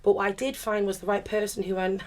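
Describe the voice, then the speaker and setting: A woman speaking on a panel discussion, telling candid stories in a lively way, full of laughter and acted-out quotes. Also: medium pitch, fast, a little hiss or hum. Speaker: panelist, turntablist.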